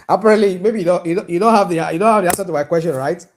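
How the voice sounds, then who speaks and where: A man's voice: high voice, quick pace. A man with a Nigerian accent giving heated, impassioned political commentary on a video call, repeating himself and firing questions at the host. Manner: impassioned, repetitive, asks pointed questions.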